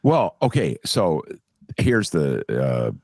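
A man, co-hosting a casual political chat podcast, rambling and animated, laughing often and full of fillers. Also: extremely low pitch, slow, no echo, studio quality. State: recovering from a cough. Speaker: podcast co-host and columnist.

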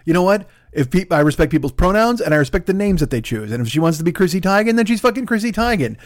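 A man's voice: high-pitched, quick pace, no echo, studio quality. A man hosting a podcast from his apartment, ranting in a casual, profane, rambling comedic monologue. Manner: profane, rambling, animated rants. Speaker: podcast host. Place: home apartment in Los Angeles.

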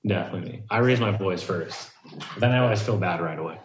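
A man with a somewhat low voice chats easily over a video call, agreeing often. His room is echoey, with a faint hiss behind him. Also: fast talker. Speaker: podcast guest.

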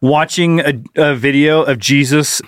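A man's voice: on the high side, steady tone, measured pace, no room sound, studio quality. A man co-hosting a casual comedy podcast, riffing wryly on stories. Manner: wry riffing, drops into silly accents. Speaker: podcast co-host.

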